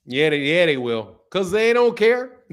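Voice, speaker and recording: A man's voice: sits high, very animated, a little slow, smooth. A man hosting a live stream in loose, casual chat, joking, laughing often and answering viewers' comments.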